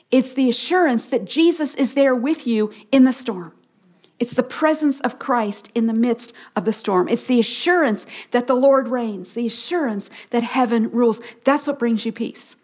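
Middle-aged female Bible teacher, slightly high voice, program style with slow call-and-response lines. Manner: slow call-and-response repetition of key phrases.

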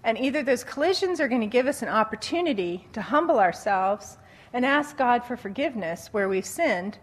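A woman giving a conversational Christian teaching talk on dating, telling stories with animated quoted voices and frequent laughter. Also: on the high side. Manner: animated storytelling, acting out quotes, laughs often.

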